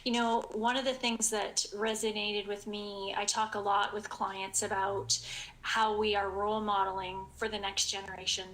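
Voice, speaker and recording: A woman's voice: mid-range voice, little pitch movement, normal speed, a little hiss or hum, rough recording. A woman hosting an interview, affirming and reflecting back what her guest says. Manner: warmly affirming. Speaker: host.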